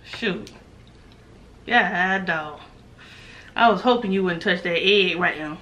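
A woman's voice: lowish voice, takes it slowly, sharp tone. A young woman hosting a casual eating vlog, teasing and talking between bites. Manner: loose, teasing, talks while eating, drawls. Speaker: mukbang channel host.

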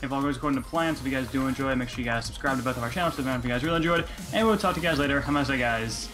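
A man's voice: mid-range voice, rapid-fire, a bit bright, soft background music. A man co-hosting a video game let's play, chatting casually and teasing his partner, then signing off the episode. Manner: joking, teasing, wraps up the episode. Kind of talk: casual gameplay chat.

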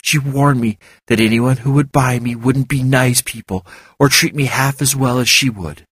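A man's voice: mid-range voice, moderate pace, a bit bright, husky, no room sound. A man reading as a guarded young former slave woman. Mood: wounded. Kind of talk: audiobook character reading.

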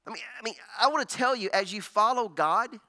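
Man, pastor, very high voice, bright tone, animated sermon. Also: brisk. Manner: animated storytelling, acting out characters.

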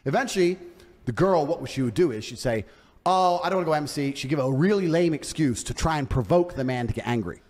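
Swaggering, fast-talking boastful man. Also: mid-range voice, animated, a little mellow, slightly rough, in a large hall. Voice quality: profane, swaggering. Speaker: podcast guest telling a story. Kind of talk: boastful storytelling, acting out quoted dialogue.

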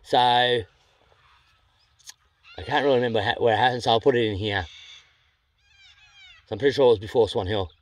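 A quick-talking Australian man recounts his trip in a loose, conversational vlog. His voice sits at an ordinary pitch, and his delivery is rapid. He wanders, backtracks over details and swears freely. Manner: rambling, self-correcting, blunt and sweary. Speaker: vlogger. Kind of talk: casual storytelling.

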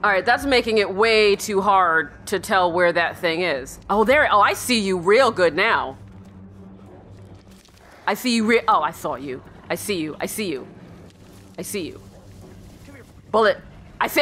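Female let's-play host, bright tone, very animated delivery, jumpy and chatty while playing horror. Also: medium pitch, moderate pace, pauses often, slight background noise. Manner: jumpy, yelps and shrieks, then drops to a hushed mutter; talks to her in-game dog.

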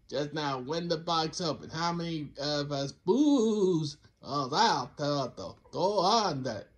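A man narrates a let's-play slowly, with few pauses, in a slightly high and animated voice. His commentary rambles as he talks to himself and the game, repeatedly slipping into a Count Dracula voice and then scolding himself.

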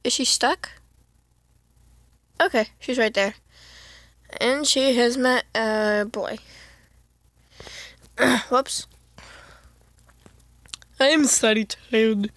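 A woman streaming a video game, chatting to herself in a giggly way and breaking into excited squeals. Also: fairly high pitch, dry recording. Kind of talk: casual let's-play commentary.

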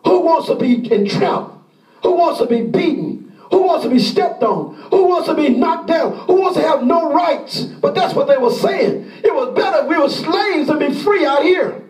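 A man preaching a sermon as pastor, impassioned and often shouting, acting out the pleas of the people he describes. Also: very high-pitched, animated, moderate pace, echoey room, distant mic.

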